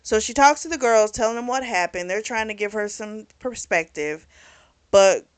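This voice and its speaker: Woman with a mid-pitched voice who reviews books; casual, blunt, profane, animated storyteller. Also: moderate pace, smooth. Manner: blunt, profane, talks back at the characters; animated storytelling with lots of fillers. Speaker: book reviewer. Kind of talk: casual plot recap.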